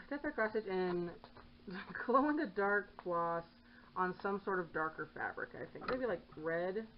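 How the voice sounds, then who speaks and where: A woman's voice: medium pitch, measured pace. A woman chatting casually while she stitches at home, rambling and breaking off now and then to scold her kitten. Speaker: cross-stitch vlogger. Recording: dull lo-fi sound with faint hiss.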